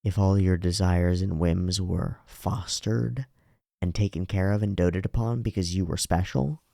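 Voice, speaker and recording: A man's voice: low-pitched, steady tone, measured pace, gravelly, warm tone, dry recording, studio quality. A man hosting an anime reaction video, speaking bluntly and emphatically, with some swearing. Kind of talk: reaction commentary.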